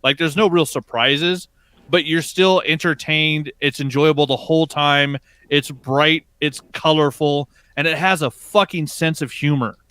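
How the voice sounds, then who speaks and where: A man's voice: fairly high pitch, steady tone, a little slow, pushed and bright, clean tone, no echo. A man on a podcast giving enthusiastic, opinionated views and swearing freely. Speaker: podcast co-host. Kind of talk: casual podcast chat.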